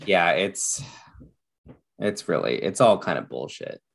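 A man's voice: low-pitched, expressive, slow pace, gravelly, noisy background. A man co-hosting a podcast over a video call, casual and jokey, laughing easily. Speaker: podcast co-host. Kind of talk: casual chat. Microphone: video call mic.

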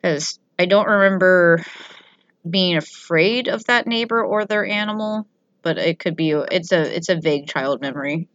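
A young woman chats with friends in a slightly low voice, rambling through anecdotes and acting out the people in them. The recording is dry and a little muffled, with no room sound. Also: moderate pace, a bit bright, dry recording. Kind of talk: casual chat.

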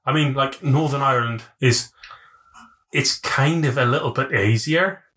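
A man's voice: medium pitch, measured pace, fairly bright tone. A young man co-hosting a podcast, joking and swearing in loose casual banter. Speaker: podcast co-host.

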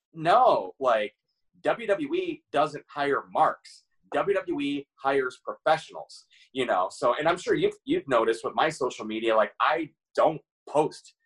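A man's voice: mid-range voice, fairly bright tone, breathy edge, rough recording. A man in a casual podcast chat, talking earnestly and filling his sentences with "you know".

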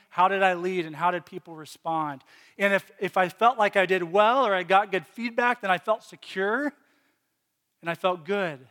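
A pastor from Virginia, USA, delivers a heartfelt sermon about his personal struggles, often restarting and repeating himself. His voice is high for a man and fairly bright, and it rings with long reverb through a large church hall.

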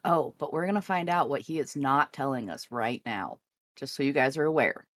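Low-voiced teasing woman podcast co-host. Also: moderate pace, dry recording, clean studio sound. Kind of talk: casual podcast chat.

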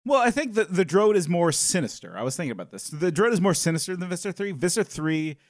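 Animated, higher-voiced man on a podcast. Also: quick pace, no echo, studio quality. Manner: jokey, animated, laughs a lot. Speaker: podcast co-host. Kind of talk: casual chat.

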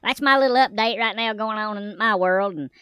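A woman's voice: mid-range voice, brisk, a bit bright, clean tone, dry recording, lightly acted. A woman voicing a folksy, rambling rural man in a comedy monologue. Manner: rambling, homespun drawl.

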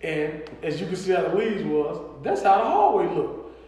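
A high-voiced man tells family stories in a loose, profane chat and acts out the other people's lines as he talks. He sits far from the mic in a very echoey room with a long reverb tail. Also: moderate pace. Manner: profane, animated storyteller acting out quotes. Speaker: podcast co-host. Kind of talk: casual storytelling chat.

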